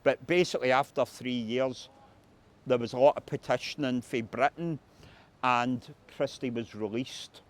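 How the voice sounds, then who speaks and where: A man's voice: medium pitch, unhurried. A man with a Glasgow accent leading a walking tour outdoors, telling local history anecdotes and acting out quoted voices. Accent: Scottish (Glasgow). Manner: anecdotal, acts out quoted voices, frequent "uh" fillers. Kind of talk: guided street tour storytelling. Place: outdoors on a city street.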